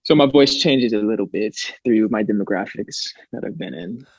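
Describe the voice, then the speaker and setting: A young man with a light Southern American twang and a fairly low voice talks loosely, stringing thoughts together with "like" and restarts. The sound is dry and a bit dull, as on a cheap podcast mic. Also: moderate pace, a little mellow, dry recording. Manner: rambling, many fillers and restarts. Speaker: podcast co-host. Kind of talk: casual chat.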